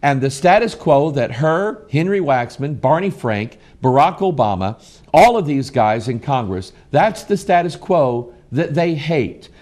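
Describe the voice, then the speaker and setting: A man's voice: fairly high pitch, sing-song, a little slow, a little mellow. A middle-aged American man hosting a broadcast, reading news articles aloud and commenting on them with passion. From United States. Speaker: preacher and broadcast host.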